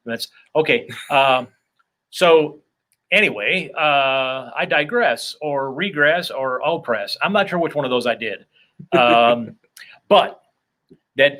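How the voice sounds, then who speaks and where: A man hosting a loose comedy chat, wandering off into jokes at his own expense. His voice is bright and forward at a middling pitch. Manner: rambling, self-deprecating, joking asides. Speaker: podcast host. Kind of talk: casual comedic interview chat.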